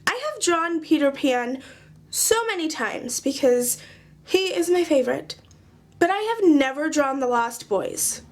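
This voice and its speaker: A young woman with a high, lively voice walks through her journal pages at a measured pace in a casual vlog chat. As a craft journaling vlogger, she's chatty and pokes fun at herself with dry sarcasm.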